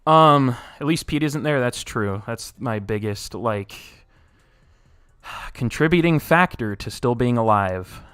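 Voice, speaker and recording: A young man streaming live, reading chat aloud and reacting, swinging from low mumbles to loud outbursts, his voice wearing out. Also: animated, slow pace, clear, resonant tone, dry recording, clean studio sound.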